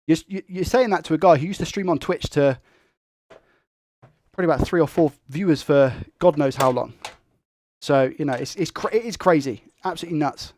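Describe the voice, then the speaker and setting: A young man who talks fast and excitably while hosting a tech live stream and reading viewer comments. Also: on the high side. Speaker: tech livestream host.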